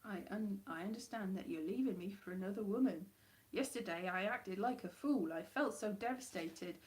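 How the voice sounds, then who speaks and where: A woman's voice: medium pitch, moderate pace, a little mellow, lightly acted, poor audio. A woman reading aloud as a heartbroken, jilted woman, trying a West Country accent and stumbling over the words. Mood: earnest. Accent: attempted West Country accent.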